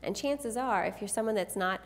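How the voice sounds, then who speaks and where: A woman's voice: medium pitch, fairly quick. A woman presenting a live workshop, teasing and directing volunteers in front of an audience. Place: event room with an audience.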